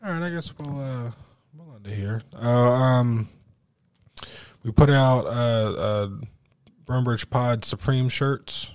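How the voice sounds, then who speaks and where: A man hosting a home podcast, telling an animated, profane story in casual chat and acting out the voices of the people he quotes. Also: mid-range voice, slow pace, no echo, studio quality. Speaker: podcast host.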